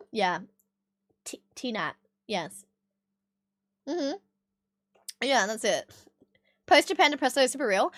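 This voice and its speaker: A woman's voice: high-pitched, a bit bright, dry recording, clean studio sound. An Australian woman streaming live, chatting casually with her chat, swearing freely and laughing often.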